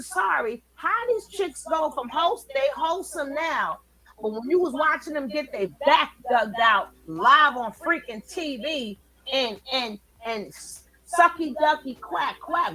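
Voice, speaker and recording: High, bright-voiced woman ranting angrily. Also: poor audio. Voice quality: loud, profane, ranting. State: angry, worked up. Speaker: commentary channel host. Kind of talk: heated reaction commentary.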